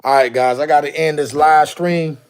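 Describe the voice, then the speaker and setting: A man's voice: on the high side, steady tone, moderate pace, smooth. A man chatting casually on a live stream, exclaiming to himself as he goes through jerseys. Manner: drawling, exclaiming to himself while sorting jerseys.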